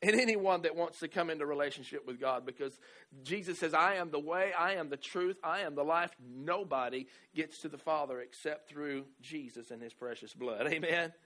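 A man preaching in a slightly higher voice than most men. He drifts between soft, chatty asides to the congregation and loud, stretched-out, emphatic lines, tossing in "right?" and "amen" as he goes. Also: moderate pace. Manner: conversational, peppered with "right?" and "amen". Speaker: pastor. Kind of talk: sermon.

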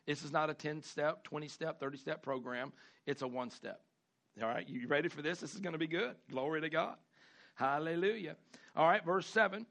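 A male pastor delivering a sermon with a high, bright voice and a gravelly edge. He talks fervently, circling back to key phrases and pressing them home. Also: a little fast. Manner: preaching with rising fervor, animated, repeats phrases.

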